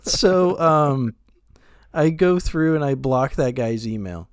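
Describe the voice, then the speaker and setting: A young man co-hosting a casual podcast, an animated storyteller who laughs often. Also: mid-range voice, slow, smooth, no echo, studio quality. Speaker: podcast co-host.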